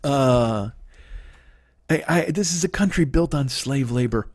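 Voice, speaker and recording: In a clean studio recording with no echo, a man in his forties hosts a comedy podcast. His medium-pitched voice is a little slow and mellow as he delivers a profane, rambling rant monologue, often stammering and restarting.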